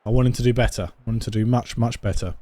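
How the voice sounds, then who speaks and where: A man's voice: medium pitch, very fast, dry recording. Exasperated man on a dry mic. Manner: excitable, exasperated outbursts. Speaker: gaming YouTuber. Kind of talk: football management game commentary.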